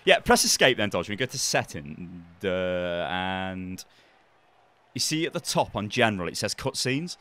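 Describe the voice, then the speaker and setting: A man's voice: fairly low pitch, big pitch swings, moderate pace, pushed and bright. A man chatting casually while playing a game against a friend, chuckling and muttering his moves aloud. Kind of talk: casual gameplay chat.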